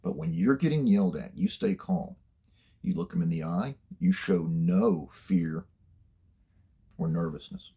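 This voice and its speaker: A man's voice: sits low, lively intonation, a little slow, creaky, mellow, slightly rough. An older man giving blunt, plainspoken career advice in a casual monologue, swearing freely as he tells stories from his working life. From United States.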